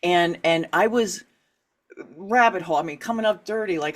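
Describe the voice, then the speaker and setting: Frank and lively, this middle-aged woman, who writes books and coaches writers, talks briskly in a mid-range voice during an interview. Laughter comes easily, and she performs the reactions she's quoting.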